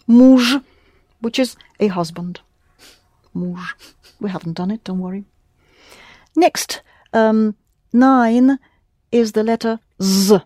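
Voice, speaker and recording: A woman's voice: on the high side, dark tone, no echo, clean studio sound. Patient woman teaching a language lesson. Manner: patient, encouraging, repeats words slowly and clearly.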